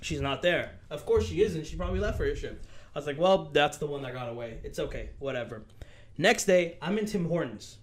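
A man's voice: fairly high pitch, lively intonation, a little fast. A young man, a podcast co-host, telling a story casually and animatedly, acting out the dialogue and swearing freely.

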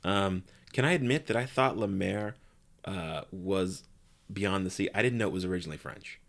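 A man co-hosting a podcast, chatting in a relaxed, rambling way full of "like". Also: low voice, moderate pace, creaky. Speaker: podcast co-host. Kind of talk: casual chat about a movie.

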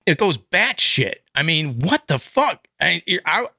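A man chatting excitedly about a horror movie, swearing often and acting out his own reactions. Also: fairly high pitch, measured pace, creaky, dry recording, clean studio sound. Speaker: podcast co-host. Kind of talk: casual movie discussion.

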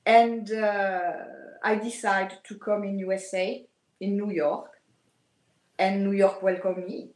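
Slow French-accented woman on a video call. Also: medium pitch, level tone, darkish tone. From France. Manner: halting, searching for English words. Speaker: guest aesthetician. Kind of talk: remote interview. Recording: echoey room over video call.

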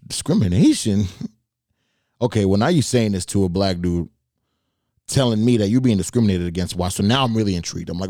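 A relaxed, low-voiced man hosting a podcast, spinning a story in a loose, wry way with plenty of casual swearing. His voice sits close and dry, with no room sound around it. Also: quick pace, no room sound. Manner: laid-back, profane and wry. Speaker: podcast host.

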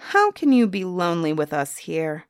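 A woman voicing a gentle, kind young boy. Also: fairly low pitch, sing-song, normal speed, clean tone, no room sound, studio quality. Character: tall gentle young boy with smiling eyes.

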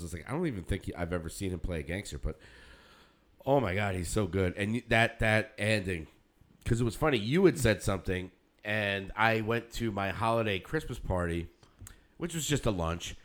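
A man talks casually on a podcast, with a lowish voice. He rambles, laughs often and mimics the people he quotes. His talk is loose and friendly, full of fillers. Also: a bit bright. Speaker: podcast co-host. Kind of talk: casual chat.

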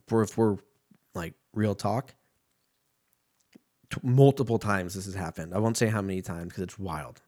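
Profane rambling man in his thirties. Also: lowish voice. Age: 30s. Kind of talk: casual rambling monologue.

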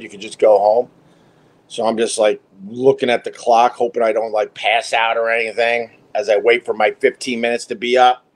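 A man in his fifties, host of a livestream, telling a story in a rambling, self-mocking way, with lots of fillers and swearing. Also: medium pitch.

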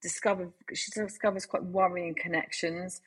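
A woman with a low, husky voice chats about television shows. She restarts her sentences often but stays enthusiastic. Her delivery is loose and conversational. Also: fairly even intonation, moderate pace. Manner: hesitant, many restarts, warm enthusiasm. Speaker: TV review co-presenter. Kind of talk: casual TV review chat.

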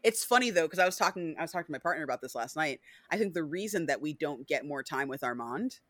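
Bright-voiced woman, animated podcast chat. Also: deep voice, quick pace, no echo. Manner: animated, many fillers, acts out scenes. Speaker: podcast host.

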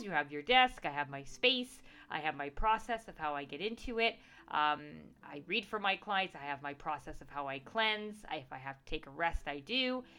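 A woman with a slightly low voice talks casually about her work as a psychic. She sounds earnest and reassuring, and often restarts her sentences with little fillers along the way. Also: a bit bright. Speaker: professional psychic. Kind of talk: casual talk to camera.

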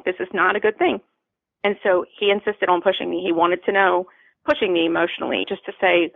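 A woman's voice: lowish voice, little pitch movement, brisk, creaky, dry recording. A woman from Florida, a podcast guest, tells an emotional personal story in an earnest way and repeats phrases for emphasis. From Florida, USA. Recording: phone-like line, dry.

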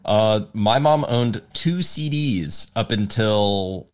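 A man's voice: on the low side, expressive, slow pace, smooth. A young man co-hosting a music podcast, talking hesitantly with many filler words. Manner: hesitant, lots of "like" and "kinda" fillers. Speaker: podcast co-host. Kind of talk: casual music podcast chat.

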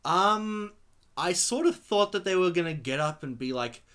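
Lively bright-voiced man chatting. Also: high voice, normal speed, clean tone. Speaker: podcast co-host. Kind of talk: casual chat while watching a film.

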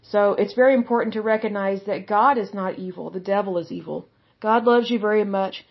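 A woman's voice: medium pitch, brisk, creaky, lo-fi sound. A woman teaching from the Bible in a casual, conversational way, blunt and outspoken.

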